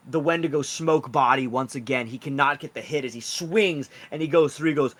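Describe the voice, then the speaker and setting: A man's voice: mid-range voice, brisk, hardly any pauses, fairly bright tone. A man narrating a tabletop game as game master, rambling with many fillers.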